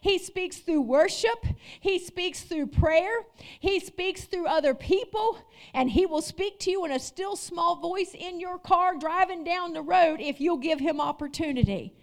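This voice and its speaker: A woman pastor preaching a sermon, calling out to the congregation and swinging between loud declarations and quiet storytelling. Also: extremely high pitch, animated, unhurried. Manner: preaching with call-outs, rising and dropping intensity.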